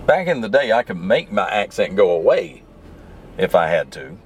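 Low-voiced man with a mild Southern accent. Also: very animated, moderate pace, a little hiss or hum. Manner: rambling, easygoing, digressive. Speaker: podcast host. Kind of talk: casual solo storytelling while driving. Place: in his truck stuck in traffic.

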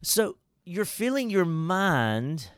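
A man's voice: high voice, big pitch swings, slow pace, a bit bright, smooth, dry recording, studio quality. A man, a pastor co-hosting a casual Bible-study chat, emphatic and folksy with preacherly asides.

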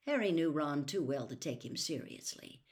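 A woman reading a novel aloud as a storyteller, with expressive, lively narration. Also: low voice, moderate pace.

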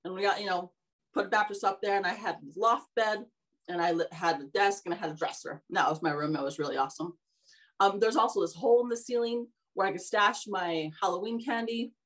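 A woman hosts a casual podcast and tells stories from her own life. She wanders off track, restarts her sentences and laughs often. Her pitch sits in the ordinary middle range for a woman. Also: brisk, low-quality recording. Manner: rambling, self-correcting, laughs often. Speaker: podcast host. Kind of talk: casual storytelling.

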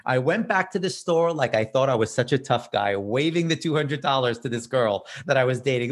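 Brief: male podcast host at an average pitch, casual, animated, self-mocking storyteller. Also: brisk, hardly any pauses.

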